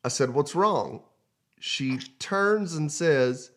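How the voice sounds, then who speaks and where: Guy cohost, slow talker, bright voice, reads comments and cracks up. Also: fairly high pitch, expressive. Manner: reads viewer comments aloud, laughs often. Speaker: morning show co-host. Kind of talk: casual chat.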